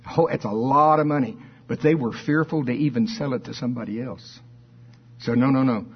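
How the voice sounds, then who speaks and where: A man preaching a sermon, reading scripture slowly with dramatic stress and firing off rhetorical questions. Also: mid-range voice, vocal fry, breathy edge, lo-fi sound. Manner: fervent, rising to emphatic exclamations and rhetorical questions.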